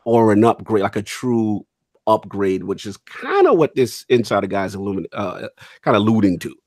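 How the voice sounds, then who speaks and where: A man's voice: lowish voice, moderate pace, dry recording, clean studio sound. A man hosting a gaming podcast, quizzing his co-hosts in casual chat. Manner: lively, quizzing guests, frequent mm-hmm. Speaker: podcast host.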